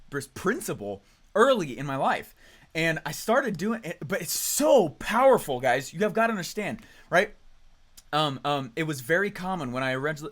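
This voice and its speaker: Male trainer, 30s, upbeat storyteller, pitched a touch high, keeps tagging lines with "right?". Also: a bit bright. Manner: high energy, storytelling, frequent "right?" and "okay?". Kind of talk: energetic motivational training talk.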